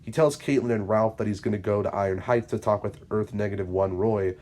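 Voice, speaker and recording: Here the same kind of channel host and narrator delivers a fan-made episode script in a straightforward tone, with the occasional small slip. He speaks a bit fast, his voice lowish and slightly mellow.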